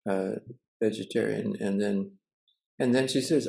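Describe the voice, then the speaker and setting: An older man with a gravelly, mellow, low voice tells a story. He talks haltingly, with pauses and restarts, heard through a video call mic. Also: steady tone, rough recording. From United States. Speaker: Zen teacher and cook. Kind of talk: casual storytelling.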